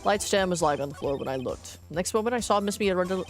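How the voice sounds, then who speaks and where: A woman's voice: fairly low pitch, lively intonation, quick pace, soft background music. A woman streaming a game in casual commentary, playful and cursing, reading the game's text aloud as she goes.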